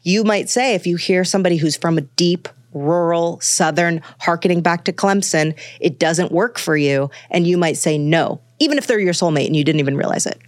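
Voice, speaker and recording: Low-voiced woman author musing on voices. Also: fairly quick, few pauses, no echo, clean studio sound. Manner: thoughtful, exploratory, many fillers. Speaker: guest author on voice. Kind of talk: conversational podcast interview.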